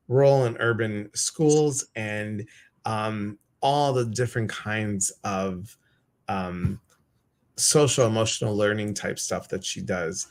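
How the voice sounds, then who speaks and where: A man with a Chicago accent hosting a relaxed, chatty conversation with a guest. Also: on the low side. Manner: relaxed, chatty, reads out viewer comments. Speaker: host. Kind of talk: casual live-stream chat.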